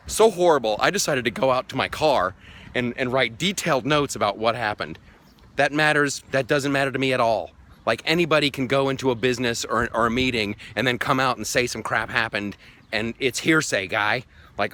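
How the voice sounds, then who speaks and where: A man hosting a comedic vlog, ranting sarcastically and mockingly to camera with excitable outbursts. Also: mid-range voice. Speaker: vlogger host. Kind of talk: comedic political rant to camera.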